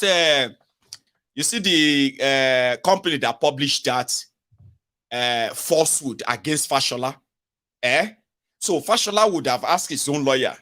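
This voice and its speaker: A man's voice: a little high, pushed and bright. A man with a Nigerian accent hosting a live commentary stream, talking animatedly and acting out the voices he quotes, with Pidgin asides. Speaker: live show host. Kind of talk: casual political commentary livestream.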